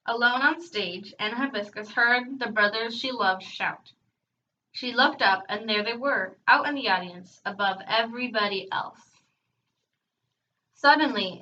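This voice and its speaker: Woman reading a children's book aloud. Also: a little high. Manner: expressive reading with casual chatty asides. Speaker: reader hosting a read-aloud channel. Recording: dull, distant home recording.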